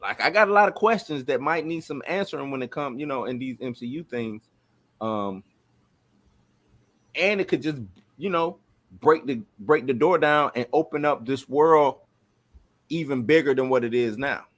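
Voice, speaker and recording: A man co-hosting a casual show review, talking in a relaxed, conversational way. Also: mid-range voice, moderate pace. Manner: relaxed, conversational, "you know what I'm saying". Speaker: podcast co-host. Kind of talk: casual chat.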